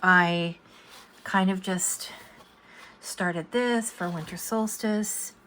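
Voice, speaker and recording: A woman's voice: fairly low pitch, fairly even intonation, drawn-out words, pushed and bright, a little hiss or hum. An older woman talking casually while she draws at home, rambling and hesitant with many fillers. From USA. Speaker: coloring book artist. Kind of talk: casual talk while drawing. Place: home, at a drawing desk.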